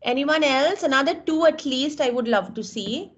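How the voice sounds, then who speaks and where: A woman's voice: sits high, expressive, normal speed. Effusive woman teaching an online class. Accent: Indian English. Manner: encouraging, effusive praise, calls out names. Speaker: webinar instructor. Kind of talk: live online class, reviewing student work. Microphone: video call. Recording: dull lo-fi video call audio.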